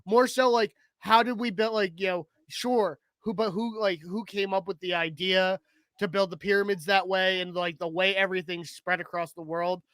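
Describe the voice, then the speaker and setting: Male podcast co-host, high voice, dry close sound, laughs a lot. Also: moderate pace, clear, resonant tone, no echo. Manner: giggly, animated, frequent laughter. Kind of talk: casual chat.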